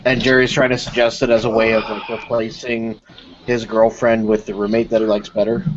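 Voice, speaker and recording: A man's voice: lowish voice, brisk. A man hosting a casual live chat with friends, telling stories with playful asides. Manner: animated storyteller, playful asides. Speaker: podcast host. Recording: dull lo-fi mic with steady hiss.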